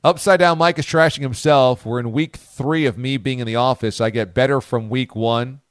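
A man hosting a sports talk radio show, animated and incredulous, cracking jokes and reading out listener posts. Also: medium pitch, moderate pace, no echo, studio quality.

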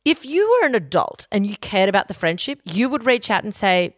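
A woman's voice: medium pitch, big pitch swings, a little fast, hardly any pauses, no echo, clean studio sound. Blunt, sweary woman podcaster. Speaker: podcast host giving advice. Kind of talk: casual advice podcast.

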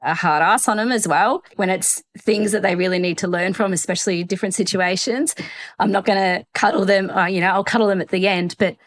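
Chatty mum, laughing often. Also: female voice, mid-range voice, fairly even intonation, a little fast. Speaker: panel guest, mother. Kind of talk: casual chat.

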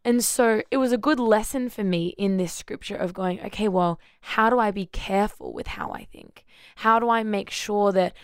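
A woman's voice: medium pitch, moderate pace, smooth, no echo, studio quality. A woman co-hosting a faith podcast, telling a personal story in casual chat with frequent laughs. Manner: animated storytelling, laughs often. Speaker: podcast co-host.

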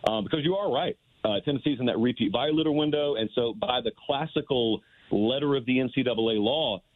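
A man's voice: mid-range voice, breathy edge, no room sound. Man, guest analyst, thoughtful, wondering aloud, phone-line sound, dry. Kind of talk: sports talk radio interview.

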